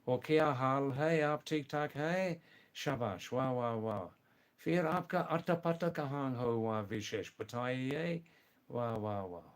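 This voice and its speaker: Man, live-stream host, mid-pitched, seated, chatty with his viewers. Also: a little slow. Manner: greets viewers by name, repeats exclamations. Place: seated indoors.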